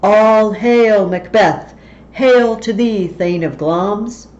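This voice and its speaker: A woman's voice: mid-range voice, slow pace, darkish tone, voice pushed up, lightly acted. A woman voicing the wicked old witch sisters in rhythmic, incantatory chanting, from a slightly dull recording. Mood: hailing.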